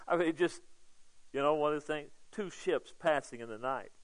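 A man preaching a sermon to his congregation, talking it through like a conversation, checking in with "okay?" and swelling louder on key points. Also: a little high, measured pace, low-quality recording. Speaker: pastor.

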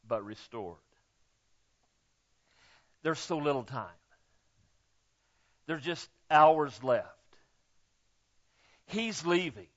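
With a medium-pitched voice, a pastor gives a sermon to his congregation, folksy and emphatic, shifting from soft asides to loud, stressed lines and frequently checking in with "okay?" The audio is dull.

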